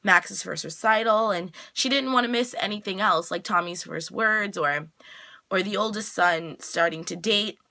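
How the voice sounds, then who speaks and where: A woman's voice: medium pitch, normal speed, vocal fry, bright, forceful tone. A woman vlogger giving a chatty, casual recap of a TV episode, full of "like" fillers. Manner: chatty, lots of "like" fillers, acts out the characters' lines. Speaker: TV reaction vlogger.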